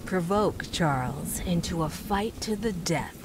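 An actress playing an adult woman quest-giver in a horror video game, calmly briefing the player in a measured, matter-of-fact way. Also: on the low side, background noise.

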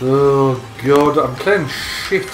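A man's voice: mid-range voice, extremely slow. A young Englishman, bantering crudely and dryly while playing a racing game online. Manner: dry, teasing and crude. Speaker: gamer and channel regular. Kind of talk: casual gaming banter. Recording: echoey room with loud game music.

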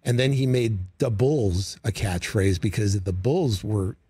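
A middle-aged man, a comedy writer, telling stories as a guest in a studio interview, animated and breaking into voices. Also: lowish voice, measured pace, husky, no echo. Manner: animated, slips into character voices. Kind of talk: casual interview storytelling. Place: radio studio.

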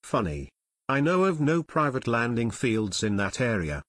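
A man's voice: medium pitch, sing-song, normal speed, a bit bright, dry recording. A nervous middle-aged airport tower chief, as a male narrator reads him, trembling and frightened. The voice moves up and down a lot. It is close and dry, with no room sound. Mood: puzzled. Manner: shaky, frightened delivery.

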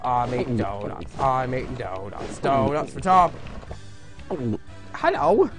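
A young man casually chatting on a live game stream, goofy with loud self-amused outbursts. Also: mid-range voice, very animated, takes it slowly, over music.

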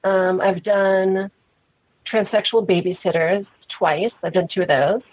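A woman in her thirties speaks as an interview guest, frank and relaxed, with "like" dropped all through her talk. Her husky voice comes through thin and tinny, like a phone line. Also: medium pitch, a little slow, dry recording. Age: 30s. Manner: frank, relaxed, many "like" fillers.

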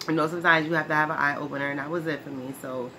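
Low and fairly steady in pitch, this woman speaks very fast with a bright, forceful tone over a noisy background hiss. She plays a brash, streetwise ex-brawler who's touchy about her name in a chatty comedy skit monologue, using slang, laughing often and repeatedly asking "right?"

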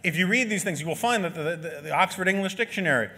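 A man's voice: high voice, lively intonation, fast, bright, forceful tone, husky. Man giving a joking conversational lecture. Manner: conversational lecture, asides and jokes, frequent "right?" tags. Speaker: author giving a talk. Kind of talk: speaking at an event. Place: lecture venue.

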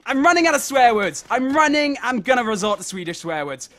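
Bright, high-voiced young man swearing at a game. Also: sing-song, brisk. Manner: frustrated, swears constantly, talks to himself. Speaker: let's play host. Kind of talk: let's play commentary. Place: at home at his computer.

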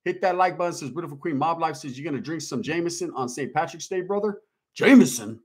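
A man's voice: a little high, quick pace, slightly rough. Laid-back man from East LA. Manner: laid-back, slangy, streetwise. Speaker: livestream host reading chat. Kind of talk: casual live-stream chat.

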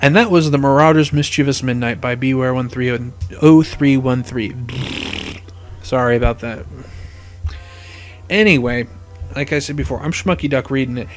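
A man narrating a fan story, rambling casually in his asides, his voice going hoarse. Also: mid-range voice, moderate pace, long pauses, faint music behind. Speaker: storyteller, fan fiction reader.

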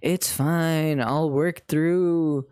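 A man voicing a solemn old British mentor ghost, talking slowly and grandly with a put-on British accent that drifts toward Scottish. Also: fairly high pitch, fairly even intonation, darkish tone, clean tone, no room sound. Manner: slow, grand, broken by coughing fits.

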